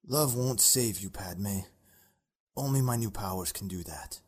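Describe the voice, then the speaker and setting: A man voicing a desperate young dark warrior in a voice audition. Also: fairly low pitch, a little slow, slightly rough. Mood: pleading. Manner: pleading turning to shouting. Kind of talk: voice audition reading.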